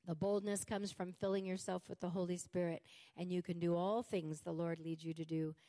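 A woman preaching a sermon with fervent emphasis, slowing down to stress key words. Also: fairly low pitch, little pitch movement, warm tone.

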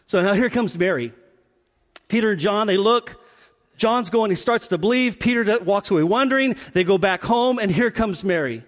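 A man preaching a sermon, telling the story with animated delivery and dropping to a hush for emphasis. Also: high voice, normal speed. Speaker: pastor. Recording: long hall reverb.

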